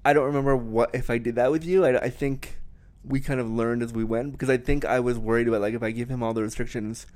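A man's voice: mid-range voice, fairly even intonation, fast talker, a little mellow. A young man talking frankly in a conversation, laughing often and restarting his sentences. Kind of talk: candid conversation.

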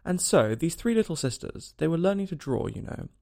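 A man voicing a sleepy, sulky little dormouse with a hoarse, feeble voice. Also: on the high side, very animated, fairly quick, darkish tone, pitched above the performer's own voice.

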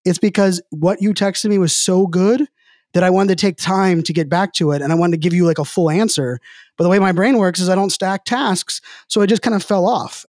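A man's voice: high voice, a little mellow, no echo, clean studio sound. A middle-aged man telling stories as a podcast guest in a casual, rambling way, leaning on the word "like" again and again. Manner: rambling, heavy use of filler "like". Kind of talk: casual conversational storytelling.

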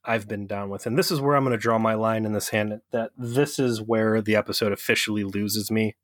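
A young adult man co-hosting a podcast, casually recapping an episode with profane, animated storytelling. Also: on the low side, a little fast, no room sound, clean studio sound. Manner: profane, animated storytelling with mocking quoted voices. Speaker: podcast co-host.

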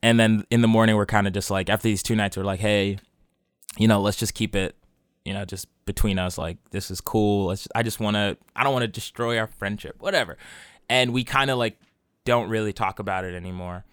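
A young man, low in pitch, tells a long story in loose, rambling casual chat and laughs along the way. His voice is smooth and clear, recorded dry and close with no room sound. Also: fairly even intonation, a little fast, fairly bright tone, no room sound.

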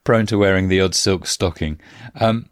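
A man hosts a relaxed podcast and works through a list of local facts, dropping in filler sounds and wry jokes. His voice sits a little low. The recording is dry and close, with no room sound. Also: moderate pace, clear, resonant tone, no room sound. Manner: reads facts steadily with frequent "uh" fillers and dry asides. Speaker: podcast host. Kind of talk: casual podcast chat, reading out facts.

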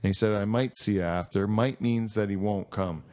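A man's voice: fairly low pitch, moderate pace, darkish tone. A young man co-hosting a podcast in casual chat, rambling and swearing freely, a bit tipsy after a long night of drinking. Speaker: podcast co-host.

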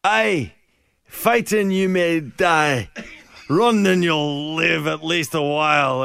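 A man doing a put-on Scottish accent as a defiant rebel leader rallying his troops, his shouted speech dragging and halting. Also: extremely high pitch, vocal fry, clear, resonant tone, no room sound, pitched above the performer's own voice, full character voice. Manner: halting, stretched-out shouting under a speech jammer.

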